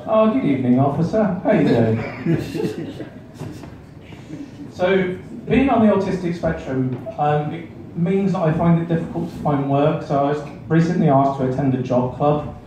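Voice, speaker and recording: A man's voice: a little high, moderate pace. A man doing a stand-up set, self-deprecating and chatting awkwardly with the audience. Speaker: stand-up comedian. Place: comedy club stage. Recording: echoey club room, mic far off, background noise.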